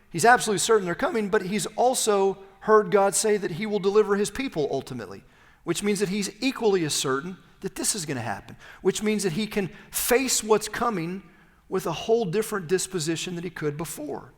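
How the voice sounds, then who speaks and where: A high-voiced man preaching in a big church sanctuary, where a long reverb trails his words. He swings from ringing, emphatic peaks down to hushed, low phrases as he pushes his points home. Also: lively intonation, fairly quick. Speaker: pastor. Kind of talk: sermon.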